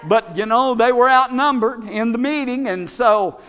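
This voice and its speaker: A man preaches, his voice high and bright. He tells the story dramatically, dropping to a hush and rising to shouts. The sound carries the long echo of a hall. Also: normal speed, clean tone, a faint crowd. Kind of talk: sermon. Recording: echoey hall.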